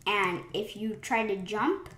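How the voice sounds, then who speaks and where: A woman commenting live on her gameplay, excitable, with sudden gasps and rambling restarts. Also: medium pitch, slow pace, a little hiss or hum. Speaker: gaming channel host. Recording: roomy echo with faint keyboard clicks.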